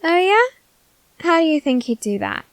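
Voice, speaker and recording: A woman's voice: very high-pitched, very animated, moderate pace, no room sound. A woman voicing a food-obsessed teenage soldier girl in an ASMR audio drama, whiny and melodramatic. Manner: whiny, melodramatic, easily sidetracked.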